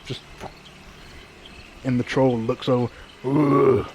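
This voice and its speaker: A man running a tabletop game as game master, who explains the rules patiently and in a relaxed way. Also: medium pitch, normal speed, slight background noise.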